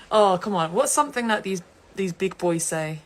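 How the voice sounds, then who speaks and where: A woman's voice: medium pitch, animated, a little slow. A young woman from England, chatting casually and giggling on an Instagram live stream. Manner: giggly and chatty, laughs often.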